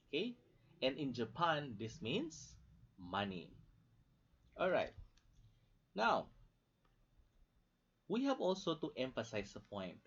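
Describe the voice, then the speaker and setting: A man's voice: mid-range voice, slight background noise. A man from the Philippines with a Filipino English accent, giving a classroom lecture, repeating key phrases and checking in with "okay?". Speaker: teacher. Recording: dull lo-fi recording.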